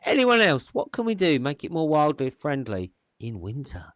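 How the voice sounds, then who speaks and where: A man's voice: a little high, huge pitch swings, moderate pace, a bit bright, no echo. A man hosting a panel show over a video call, playful and theatrical, chatting with his guests. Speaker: host.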